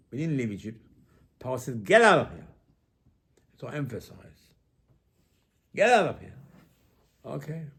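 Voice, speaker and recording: Animated rabbi giving a sermon. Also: male voice, mid-range voice. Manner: animated, rhetorical questions, acts out quotes.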